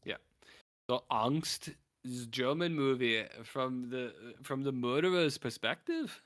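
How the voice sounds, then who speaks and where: A man's voice: medium pitch, takes it slowly, fairly bright tone, no echo, studio quality. A young man co-hosting a podcast, casually retelling a film and acting out its lines. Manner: rambling retelling with acted-out quotes. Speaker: podcast co-host. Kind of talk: casual film review chat.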